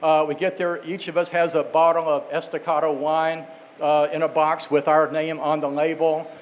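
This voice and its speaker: A man casually telling a long anecdote, wandering with asides and quick self-corrections. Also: fairly high pitch, level tone, muffled recording. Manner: rambling, with restarts and asides. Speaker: storyteller.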